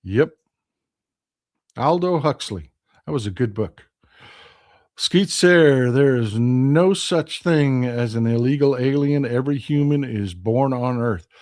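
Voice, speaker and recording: Texan man, live stream host, impassioned political talk, mid-pitched voice, loud then hushed. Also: animated, takes it slowly. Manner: impassioned, swings from loud outrage to quiet hushed replies. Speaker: live stream host reading viewer comments.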